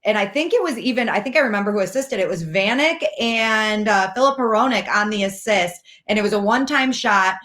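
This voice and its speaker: A woman's voice: medium pitch, animated, a little fast, few pauses, fairly bright tone. A woman panelist recalling a goal and answering a quiz question in easygoing casual chat.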